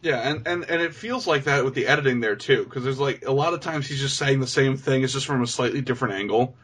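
A man's voice: mid-range voice, fast talker, a bit bright, husky. A man co-hosting a podcast in casual chat, ranting with lots of swearing and "like". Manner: profane, ranting, many "like"s. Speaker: podcast co-host.

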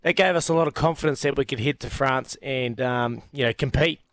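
A man's voice: medium pitch, a little fast, a bit bright, no echo. A man from New Zealand with a New Zealand accent, a former rugby player chatting casually as a radio guest, enthusiastic and often restarting his sentences. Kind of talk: casual sports radio chat.

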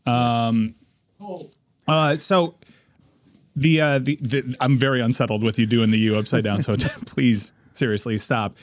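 Man co-host, rambling and halting, mid pitch, dry mic. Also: fairly even intonation, no room sound. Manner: rambling, halting storytelling with restarts. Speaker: radio show co-host. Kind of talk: casual talk-show chat. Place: radio studio.

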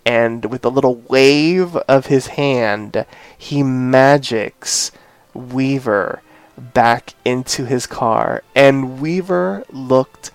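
A man's voice: mid-range voice, slow pace, clean tone, dry recording. A male host retells a TV episode in a loose, meandering way, leaning on filler phrases as he goes. He takes his time and gives his opinions with emphasis. His voice is recorded close and dry, with no room sound. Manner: rambling retelling full of "you know" and "this, that, or the other". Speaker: podcast host. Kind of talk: casual chat recapping a TV episode.

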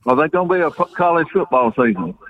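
A man's voice: on the high side, very animated, quick pace, narrow, tinny audio. A man voicing a folksy man who drawls homespun questions. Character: folksy Southern man calling in from outside.

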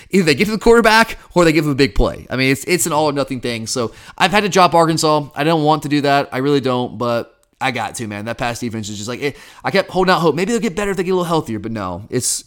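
A man hosting a casual sports podcast, chatty and animated, often calling his listeners guys. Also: medium pitch, smooth.

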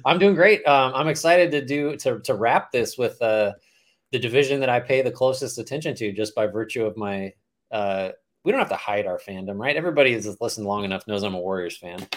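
An easygoing man co-hosting a sports podcast, with a mid-range voice. He talks in a relaxed, joking way as he chats with his co-host. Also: medium pitch, brisk. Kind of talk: casual sports podcast chat.

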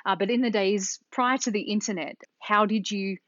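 A woman's voice: mid-range voice, fairly even intonation, normal speed, fairly bright tone, no echo, highs cut off. A woman co-hosting a podcast, asking an author questions in a hesitant way with frequent restarts. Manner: hesitant, with restarts and light laughter. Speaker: podcast co-host. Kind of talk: interviewing.

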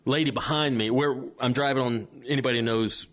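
A man's voice: mid-range voice, steady tone, fairly quick, a bit bright. A man co-hosting a podcast in casual chat, telling his own bad luck with a wry laugh. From Los Angeles area. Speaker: podcast co-host.

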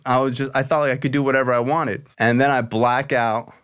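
A man hosting a podcast, recounting a story in a loose, rambling way. He swears freely and fills his sentences with "like". His voice sits at a middle pitch. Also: fairly even intonation, brisk, a bit bright, clear, resonant tone. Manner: loose, expletive-laced storytelling full of "like". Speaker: podcast host. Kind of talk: casual storytelling chat.

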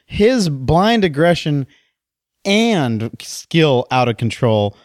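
A man's voice: a little high, sing-song, slow, no room sound, clean studio sound. A man co-hosting a casual podcast chat, joking and ready to argue a point. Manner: joking, teasing, argumentative. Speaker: podcast co-host. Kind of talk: casual chat about motorcycles.

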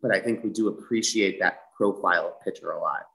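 A man answering interview questions in a measured, explanatory way. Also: low voice, creaky, a bit bright, poor audio. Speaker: team executive.

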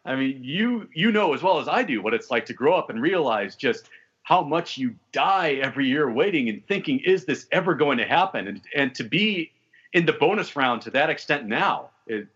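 A man's voice: mid-range voice, very animated, moderate pace, a bit bright, breathy edge. A man hosting a podcast in casual sports chat, wry and talkative with joking asides. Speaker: podcast host. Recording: dull lo-fi audio.

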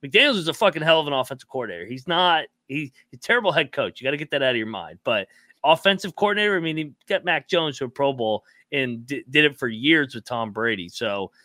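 A man's voice: mid-range voice, lively intonation, fast, bright, forceful tone, no room sound, studio quality. A male podcast co-host in casual chat who rants in an emphatic, fired-up way and swears freely. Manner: fired-up, profane, emphatic ranting.

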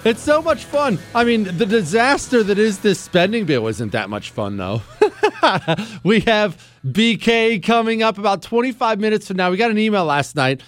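A man's voice: sits high, big pitch swings, moderate pace, faint music behind. A man hosting a talk radio show, joking with sarcastic asides as he talks to listeners and callers. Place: radio studio. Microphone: studio microphone.

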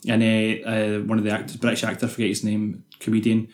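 A man's voice: on the low side, monotone, brisk, darkish tone, reverberant. A Scottish man co-hosting a podcast, telling rambling, sweary stories in casual chat. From Scotland. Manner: rambling, sweary, laughing storyteller. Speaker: podcast co-host.

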